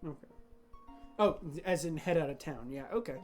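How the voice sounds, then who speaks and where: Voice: medium pitch, expressive, normal speed, faint music behind. A game master narrating a tabletop game with a loose, rambling delivery and frequent laughter.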